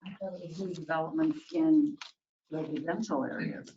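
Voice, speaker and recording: Tentative board member with a lively voice. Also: male voice, high voice, moderate pace, vocal fry, far from the mic. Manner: tentative, hedging replies. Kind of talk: meeting discussion. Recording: dull, lo-fi meeting audio with faint noise.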